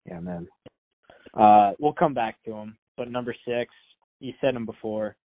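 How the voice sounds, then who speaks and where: Excitable co-host saying "dude", tinny sound. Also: male voice, mid-range voice, measured pace. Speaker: podcast co-host. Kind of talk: casual chat. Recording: dry, tinny phone-like sound.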